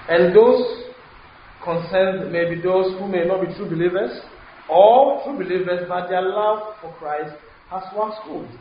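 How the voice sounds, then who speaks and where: A man preaching a sermon, switching between English and Twi, halting with many fillers and restarts. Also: high-pitched. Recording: very echoey hall, dull lo-fi sound, faint hiss.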